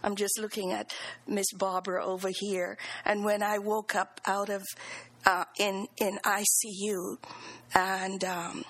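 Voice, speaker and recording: A middle-aged woman giving an earnest, halting testimony of thanks in church, sometimes dropping into soft whispered phrases. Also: medium pitch, flat delivery, breathy edge, rough recording.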